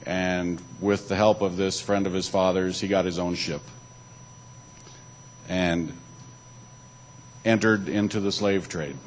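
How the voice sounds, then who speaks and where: A man's voice: low voice, steady tone, slow, long pauses, slight background noise, poor audio. A man giving a church talk, alternating between reading aloud and loose spoken asides, with occasional restarts. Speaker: church speaker.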